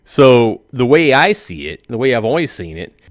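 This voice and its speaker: A man's voice: medium pitch, very animated, moderate pace, no room sound, studio quality. A man in his forties, a YouTuber giving a rambling comedic monologue and laughing at his own jokes. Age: 40s.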